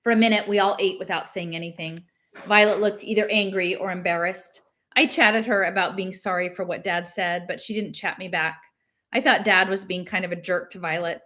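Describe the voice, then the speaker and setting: A woman reading a novel aloud, lifting her pitch and voice for the characters' lines. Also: steady tone, fairly quick, sharp tone. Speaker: reader.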